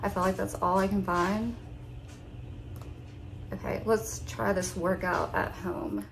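A woman's voice: medium pitch, steady tone, takes it slowly, creaky, heavy background noise. A woman chatting casually in a home vlog, a little out of breath after exercising. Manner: chatty and informal, with fillers. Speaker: fitness vlogger.

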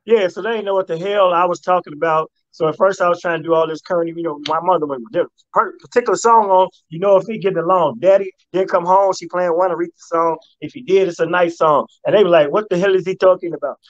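Relaxed male comedian telling stories. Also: high-pitched, fast talker, few pauses, no echo, highs cut off. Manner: laid-back storyteller who slips into mock voices. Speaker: guest comedian. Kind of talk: casual storytelling on a radio talk show.

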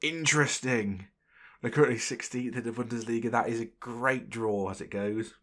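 A young man commentating his football management game, excitable and exclaiming when things go his way. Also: mid-range voice, fairly quick. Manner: excitable, swearing mildly in exclamations. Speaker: gaming channel host. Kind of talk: gameplay commentary.

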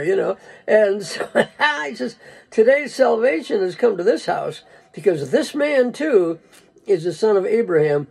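A man's voice: high voice, a little mellow, poor audio. A man preaching a casual, folksy sermon, rambling and chuckling, calling people "dude". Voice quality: gravelly, husky.

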